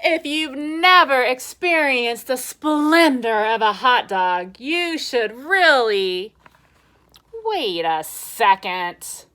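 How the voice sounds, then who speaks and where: A woman voicing a grumpy, possessive male pigeon from a picture book, loud and indignant. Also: high-pitched, animated, drawn-out words, pitched above the performer's own voice, exaggerated voice. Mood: gloating.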